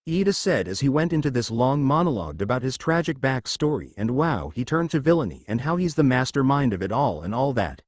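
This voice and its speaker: A man narrating a fan fiction story in a lively reading voice. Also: medium pitch, moderate pace, hardly any pauses, no echo, clean studio sound. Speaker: fanfic reader.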